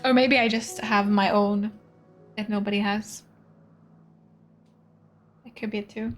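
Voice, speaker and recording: A woman's voice: medium pitch, fairly even intonation, measured pace, faint music behind. A young woman from Sweden, a streamer chatting casually and giggling as she plays a game. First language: Swedish. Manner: chatty and giggly, reads game text aloud. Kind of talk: casual gameplay chat.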